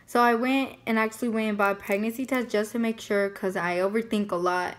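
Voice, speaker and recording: A woman's voice: medium pitch, fairly even intonation, brisk. A young woman casually telling a personal story, chatty and full of fillers. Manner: chatty, many fillers like "like" and "you know". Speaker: family vlogger.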